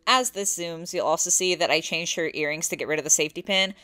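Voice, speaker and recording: A young woman narrating her own drawing process in a soft-spoken, candid voice-over. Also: lowish voice, fast, faint music behind. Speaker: artist vlogger.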